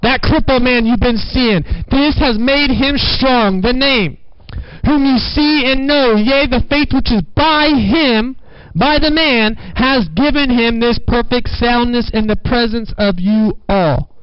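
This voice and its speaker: High-voiced man preaching with fervor. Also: slow, clean tone, no room sound, lo-fi sound. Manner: preaching with rising fervor, repeating phrases. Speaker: pastor. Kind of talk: sermon.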